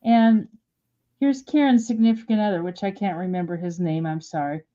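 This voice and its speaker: A woman's voice: medium pitch, steady tone, moderate pace, mellow, muffled recording. A woman hosting a casual live sale, chatty and giggly, rambling as she shows items. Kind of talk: casual live-stream selling.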